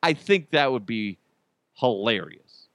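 Brief: man, mid pitch, dry close mic, loose and jokey solo podcast host. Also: animated, slow pace, fairly bright tone, no room sound. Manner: rambling and joking, lots of fillers. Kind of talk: casual solo chat.

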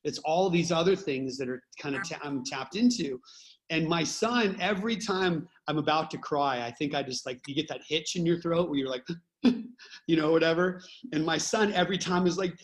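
Middle-aged man, a touch high-pitched; podcast co-host; reflective, candid storyteller. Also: normal speed. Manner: reflective, openly emotional storyteller. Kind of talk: casual conversation.

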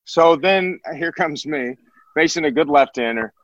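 A man's voice: a little high, measured pace, no room sound. A man in his thirties tells his stories with energy, stumbling and restarting as he goes. The recording sounds dull and muffled, with a dry, close feel. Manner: lively storyteller with many restarts and fillers. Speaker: former college baseball catcher, now high school teacher. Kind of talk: storytelling in a podcast interview. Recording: dull, dry podcast audio.

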